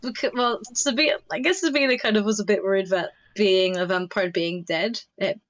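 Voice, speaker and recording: A woman casually recounting her character's part in a tabletop vampire campaign, chatty and relaxed. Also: mid-range voice, a little fast, no echo, highs cut off. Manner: chatty, casual, swears in quoted asides. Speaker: tabletop game player.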